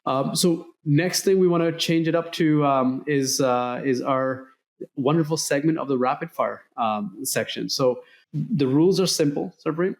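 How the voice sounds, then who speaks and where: A middle-aged man hosting a podcast interview, talking earnestly in a motivational way and acting out remembered dialogue with lively emphasis. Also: fairly high pitch, moderate pace. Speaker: podcast host. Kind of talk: conversational interview.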